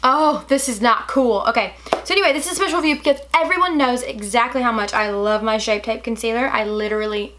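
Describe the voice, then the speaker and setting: Hiccuping young woman vlogger, gushing and chatty, a little high-pitched. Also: fast talker, noisy background. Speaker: beauty vlogger. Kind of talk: casual product review.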